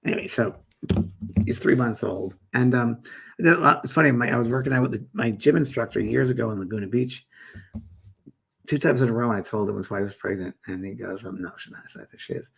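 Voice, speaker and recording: A man's voice: medium pitch, a little fast, creaky, a bit bright, breathy edge. A middle-aged man hosting a live spiritual chat show, rambling casually as he reads viewer comments aloud and answers them. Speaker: host and medium.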